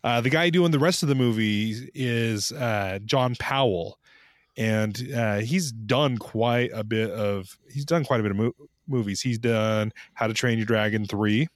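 A man's voice: lowish voice, measured pace, dry recording, studio quality. A man in his thirties co-hosting a podcast in casual chat, rambling and chuckling with lots of fillers. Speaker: podcast co-host.

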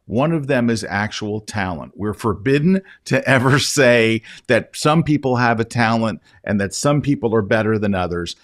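A man's voice: fairly low pitch, lively intonation, moderate pace, few pauses. A man who is a guest photography educator, telling an anecdote in a casual interview and often addressing the host by name.

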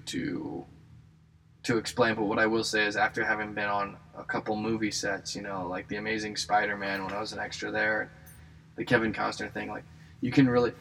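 A young man with a lowish, gravelly voice rambles through a casual monologue. He jokes at his own expense and trips over fillers and restarts. Faint ambience hums in the background. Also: fairly bright tone, slight background noise, low-quality recording. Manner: self-deprecating, jokey, lots of fillers and restarts. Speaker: aspiring comedian and actor.

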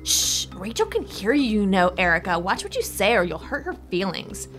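A woman's voice: mid-range voice, big pitch swings, normal speed, fairly bright tone, faint music behind. A woman reading the part of a cold, selfish sixteen-year-old girl who sneers and snaps. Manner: sneering, curt.

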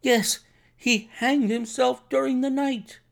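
A man puts on a horrified doctor whose voice climbs high with distress. The delivery is agitated and pleading, with a gravelly edge. It sounds like an audiobook character voice. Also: fairly even intonation, takes it slowly, exaggerated voice. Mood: frantic. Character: distraught male doctor, frantic and shaken.

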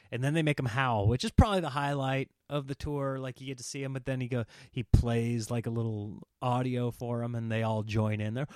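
A middle-aged man telling a comic family story as a podcast host, lively and jumping into high voices for the people he quotes. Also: smooth, no room sound, studio quality. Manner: animated, acts out quotes in raised voices.

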